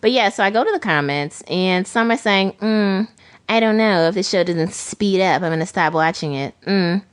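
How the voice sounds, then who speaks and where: A woman co-hosting a casual chat podcast, telling stories with animated acted-out quotes. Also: medium pitch, normal speed, clear, resonant tone, no echo. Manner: animated storytelling, acts out quoted voices. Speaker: podcast co-host.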